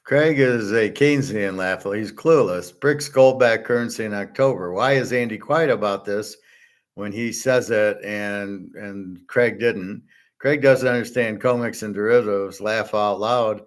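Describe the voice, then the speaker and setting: A man's voice: fairly low pitch, measured pace. Scornful, blunt man reacting to a clip. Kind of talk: reaction commentary.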